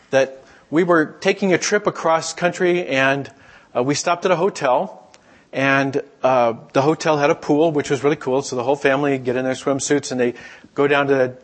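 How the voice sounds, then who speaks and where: A middle-aged man giving a sermon in a relaxed, conversational storytelling way, sometimes acting out the voices of people he quotes. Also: medium pitch. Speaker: pastor.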